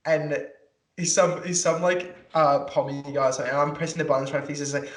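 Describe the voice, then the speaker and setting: A man's voice: a little high, fast, roomy sound, slight background noise. A young man, co-hosting a casual podcast and ranting, swearing freely. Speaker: podcast co-host. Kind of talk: casual chat.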